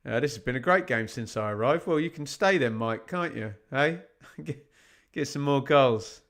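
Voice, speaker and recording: A man's voice: medium pitch, animated, moderate pace, fairly bright tone. Chatty man giving live football commentary. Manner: chatty, reads out scores, asks the chat rhetorical questions. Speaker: watch-along commentator. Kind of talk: live fan commentary and chat.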